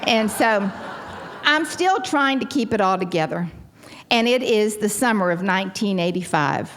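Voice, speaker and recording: A Texan woman in her sixties telling her personal story at a convention with wry, self-deprecating humor and sudden lively leaps in pitch. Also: moderate pace. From Texas. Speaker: convention speaker sharing her recovery story.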